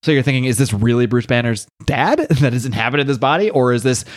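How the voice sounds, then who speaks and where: A man hosting a podcast, recapping a comic book in a casual, animated way and slowing down for dramatic quotes. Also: mid-range voice. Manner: animated, reads out quotes with slow dramatic emphasis. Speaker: podcast host.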